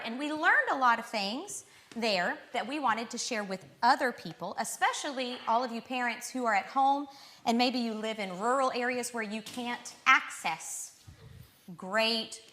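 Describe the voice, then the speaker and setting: A woman's voice: on the high side, bright, forceful tone, roomy sound, slight background noise. A young woman giving a live violin lesson to children, coaxing and encouraging them with questions. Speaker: violin teacher.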